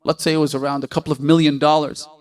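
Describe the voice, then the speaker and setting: A man's voice: flat delivery, fast. A man preaching a sermon, telling stories with passion and asking his listeners rhetorical questions. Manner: impassioned storytelling, asks listeners rhetorical questions; voice swells loud and high at emotional peaks.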